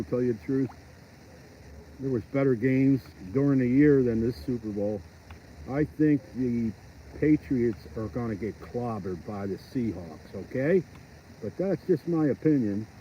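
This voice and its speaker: A man ice fishing outdoors, chatting and joking with his viewers on a live stream from his phone. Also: mid-range voice. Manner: chatty, rambling and jokey, talks to viewers. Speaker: fishing vlogger. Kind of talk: casual live-stream chat. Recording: dull lo-fi phone audio outdoors. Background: wind.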